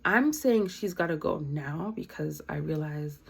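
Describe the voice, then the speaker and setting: Husky young woman telling a story. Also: low voice, unhurried, poor audio. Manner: animated, laughing, slangy storytelling. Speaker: vlogger. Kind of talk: casual storytime.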